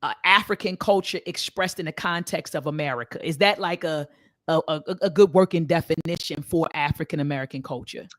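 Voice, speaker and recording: An interview host who answers with short affirmations and asks plain, measured questions. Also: mid-range voice.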